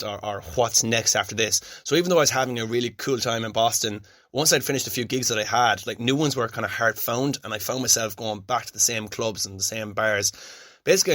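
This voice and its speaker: A man's voice: lowish voice, a bit bright, no room sound, clean studio sound. A young Irish man hosting a solo podcast, telling his own story in a chatty, reflective and self-deprecating way. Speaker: podcast host.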